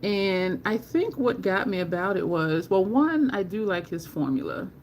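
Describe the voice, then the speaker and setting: Woman, makeup livestream host, slow rambling chat, mid-pitched voice, faint background ambience. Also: big pitch swings, slight background noise. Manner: slow, rambling talk, greeting viewers from live chat.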